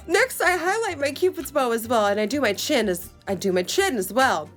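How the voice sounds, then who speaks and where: A woman hosting a makeup challenge video, chatting casually and reading out steps with animated, exclaiming commentary. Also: a little high, brisk, soft background music. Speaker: beauty video host.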